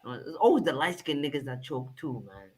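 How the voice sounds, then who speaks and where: A young man hosts a casual stream chat, his voice sitting a little high. He talks loud and animated, in heavy slang. He breaks into quick laughs. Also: noisy background. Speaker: podcast host. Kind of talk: casual banter on a live stream.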